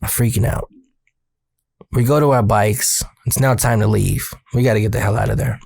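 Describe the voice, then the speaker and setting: A man's voice: on the low side, fairly even intonation, normal speed, gravelly, darkish tone, slightly rough, no echo, clean studio sound. A man telling a spooky personal story in a casual, slangy way, swearing and speaking directly to the listener.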